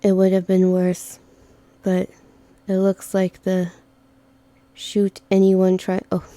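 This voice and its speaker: A woman doing a flat, deadpan companion. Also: mid-range voice, slow, no room sound, lightly acted. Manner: monotone, deadpan. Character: low-key, dry, monotone companion character.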